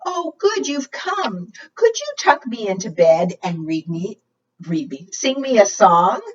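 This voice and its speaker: A woman's voice: mid-range voice, big pitch swings, slow pace, a little hiss or hum. A woman voicing a big, sleepy dragon in a read-aloud storybook, coaxing and sweetly pleading. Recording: slightly distant, dull lo-fi sound.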